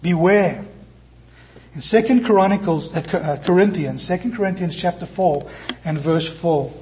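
A man preaching a sermon in church, moving between lively emphatic passages and soft, tender quoted lines. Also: sits high, normal speed, slight background noise. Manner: animated preaching, quoting scripture in soft tender tones. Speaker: pastor.

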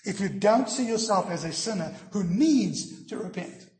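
A male pastor preaching a sermon, swelling loud on key lines and dropping to hushed, near-whispered endings. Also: sits high, animated, normal speed, roomy sound.

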